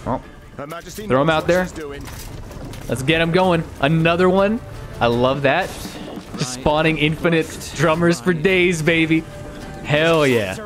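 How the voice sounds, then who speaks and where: A man streaming a video game, thinking aloud in a casual, self-mocking way and getting easily excited. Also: on the high side, takes it slowly, long pauses, soft background music. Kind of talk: casual let's-play commentary.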